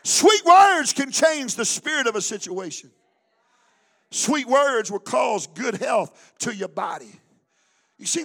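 Very high-voiced fervent male preacher. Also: fairly bright tone. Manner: fervent, call-and-response preaching. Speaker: pastor. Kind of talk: sermon. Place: church service.

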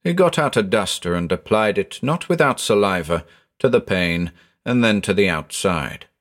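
A man narrating a ghost story in a measured, expressive reading. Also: on the low side.

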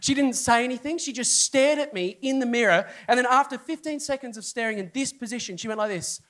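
A man's voice: very high-pitched, brisk, slight background noise. A middle-aged man, a pastor, telling a funny story to a congregation, acting out the people in it. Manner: animated storyteller, acts out people, voice jumps up for inner outbursts. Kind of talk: humorous sermon storytelling. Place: church hall before a congregation.

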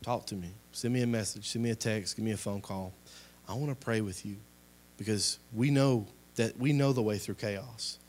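A man's voice: on the low side, moderate pace, a little mellow. A young man preaching a sermon and leading a closing prayer, impassioned, swelling and dropping in volume with repeated exhortations. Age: young adult. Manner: impassioned, rising and falling in volume, repetitive exhortations.

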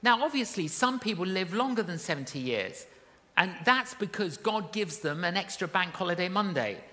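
Woman preacher, bright and forceful, big church hall with long reverb, storytelling sermon style. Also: fairly low pitch, expressive, normal speed, slight background noise. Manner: storytelling, rising to emphatic calls.

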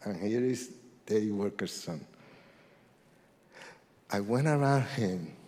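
A man telling his testimony like a sermon, acting out voices and rising to shouts. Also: fairly low pitch, slow pace. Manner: animated, acts out voices, swings to shouts. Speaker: testimony speaker. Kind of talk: preached testimony storytelling. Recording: long hall reverb.

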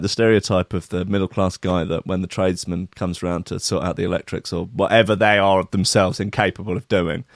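A young man hosting a casual livestream, rambling and swearing with sudden loud outbursts. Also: sits low, vocal fry, no room sound, studio quality. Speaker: livestream host. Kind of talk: casual profane livestream commentary.

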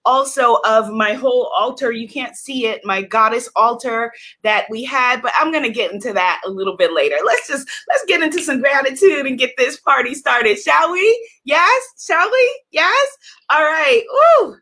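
A lively woman hosts a spiritual livestream. Her voice sits a little high, and she cheers viewers by name with big energy. She then slows into soft, calm guided breathing. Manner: exuberant, greets viewers by name, swings to soft meditative guidance.

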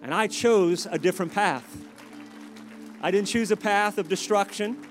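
A man preaching a sermon as pastor, joking in asides and building to loud, emphatic exhortations. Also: high voice, moderate pace, soft background music.

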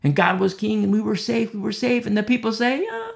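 Man, preacher, Bible sermon, fervent, repeats phrases, loud peaks and hushed asides, slightly high pitch. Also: fairly even intonation, a little fast, vocal fry. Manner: repeats key phrases for emphasis.

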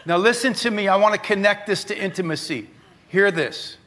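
A middle-aged male pastor preaching a sermon, telling stories in a conversational way that moves from animated to hushed. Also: high-pitched, brisk.

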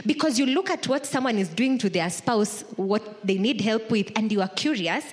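A woman's voice: medium pitch, moderate pace. A woman pastor preaching a sermon in a conversational way, acting out the thoughts of imagined churchgoers.

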